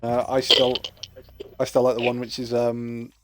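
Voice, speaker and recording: A man's voice: medium pitch, monotone, moderate pace, noisy background. A British man joking dryly and telling stories while gaming with friends. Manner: dry, jokey storyteller. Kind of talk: casual gaming chat.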